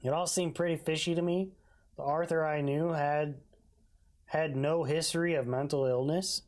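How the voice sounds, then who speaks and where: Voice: medium pitch, steady tone, normal speed. A let's-play gamer reading mystery game dialogue aloud and adding casual, jokey asides.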